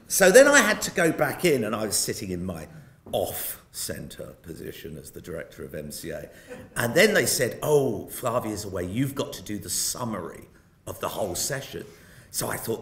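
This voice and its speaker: A man's voice: on the low side, fairly bright tone, a little hiss or hum. An older British man giving a public lecture, telling wry, self-mocking anecdotes. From Britain. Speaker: guest lecturer. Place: lecture hall. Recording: roomy hall sound.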